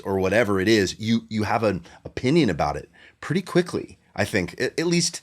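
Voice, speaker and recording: A man talking casually about bass playing, relaxed and thoughtful, often agreeing with short replies. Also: a little fast, hardly any pauses. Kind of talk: casual chat.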